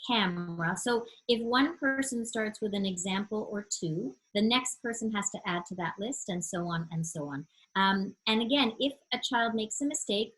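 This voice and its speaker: Husky-voiced woman teaching a parent webinar. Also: medium pitch, fairly bright tone, rough recording. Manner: friendly, explanatory, stretches words out slowly to demonstrate sounds. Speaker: literacy educator leading a webinar.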